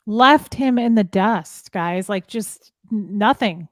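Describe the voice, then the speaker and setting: A middle-aged woman telling a painful personal story, upset and halting, often restarting her sentences. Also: medium pitch, dry recording, studio quality. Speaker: guest sharing her story. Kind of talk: emotional personal account.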